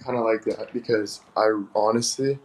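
A man's voice: lowish voice, moderate pace, slight background noise, poor audio. A man chatting casually with viewers on a live stream, asking what to wear and what song to play. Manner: relaxed, chatty, addresses viewers as guys. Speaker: livestreamer.

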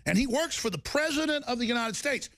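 A man hosting a talk show, ranting in an emphatic, combative way that swings to shouted defiance. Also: very high voice, animated, brisk, music in the background. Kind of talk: heated talk-show rant.

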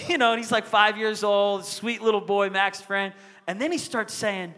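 Preaching from the stage of a church sanctuary, this middle-aged pastor has a high, steady voice that sounds bright and forceful at a normal speed. His sermon features emphatic call-and-response and prayer, captured in a reverberant hall.

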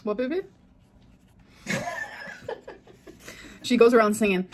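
A woman's voice: medium pitch, fairly quick, breathy edge. A young adult woman chatting casually in her vlog, rambling and full of "like". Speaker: vlogger.

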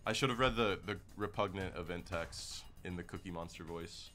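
A man's voice: low-pitched, normal speed, bright, forceful tone, faint music behind. A man streaming a game live, chatting loosely and joking with his viewers in slangy casual talk. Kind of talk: casual live gameplay commentary.

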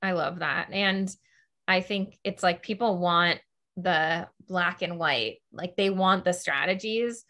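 A woman's voice: on the low side, takes it slowly, bright, forceful tone. A woman hosting a podcast interview, talking in a loose, chatty way full of "like" and "you know". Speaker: host.

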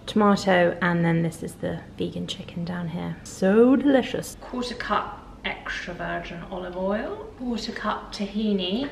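A woman chatting casually for a lifestyle vlog, effusive and gushing about what she loves. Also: medium pitch. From United Kingdom. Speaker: lifestyle vlogger. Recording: roomy with faint hum.

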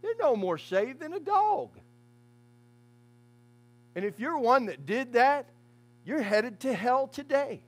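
A man preaching a fiery funeral sermon as pastor in a church, swinging from hushed asides to shouted lines. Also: extremely high pitch, very animated, takes it slowly, long pauses.

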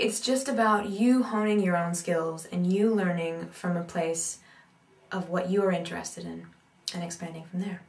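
A woman giving an animated talk as an accent coach, thinking aloud with many asides. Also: fairly low pitch, creaky. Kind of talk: instructional talk. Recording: roomy echo, distant mic.

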